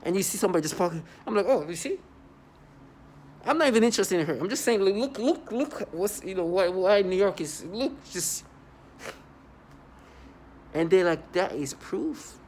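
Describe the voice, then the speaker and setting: A man's voice: sits high, expressive, fairly quick, darkish tone, a little hiss or hum. A man in a rambling, scornful monologue to his viewers, repeating himself and breaking into mocking laughter. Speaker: vlogger. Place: New York City.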